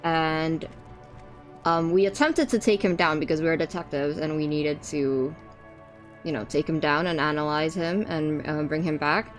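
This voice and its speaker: Woman livestreaming a game, lowish voice, rambly and chatty, soft music behind. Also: moderate pace. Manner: rambling with many fillers and restarts, chatting to viewers. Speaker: game streamer. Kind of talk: casual gameplay commentary.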